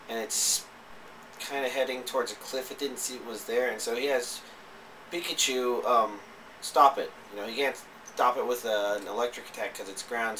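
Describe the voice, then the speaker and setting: A man's voice: medium pitch, a bit bright, distant mic, slight background noise, rough recording. Rambling man, a bit off-mic. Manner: rambling, hesitant, many fillers and restarts. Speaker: anime reviewer. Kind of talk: casual spoken review.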